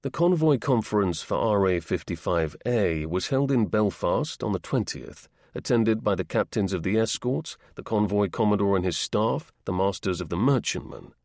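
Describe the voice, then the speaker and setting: A man narrates an audiobook in a measured, steady manner. His voice sits on the low side and carries a gravelly rasp. The recording is dry and close, with no room sound. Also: no echo. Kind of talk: scripted narration.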